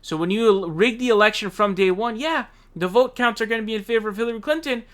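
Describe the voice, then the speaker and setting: A man's voice: high voice, fast talker. A man hosting a political commentary show, ranting casually in a heated, profane, slangy way.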